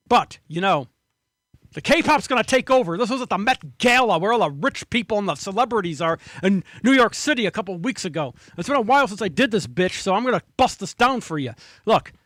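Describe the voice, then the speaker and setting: Brief: male solo podcast host, high voice, dry close sound, profane and digressive. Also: fairly bright tone, no echo. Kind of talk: rambling solo commentary.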